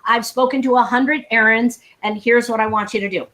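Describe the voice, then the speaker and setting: A woman sales coach speaking live over a video call, brisk and emphatic, with frequent laughter and humor. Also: a little high, fairly even intonation, fairly bright tone. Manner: brisk, emphatic, laughs often, acts out dialogue. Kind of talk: energetic live talk with humor.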